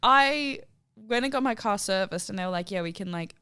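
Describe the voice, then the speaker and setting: A woman's voice: medium pitch, expressive, a little fast, pushed and bright, clean tone. A young woman, co-hosting a podcast and chatting casually, laughing often and saying "like" a lot. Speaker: podcast co-host. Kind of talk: casual chat. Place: podcast studio.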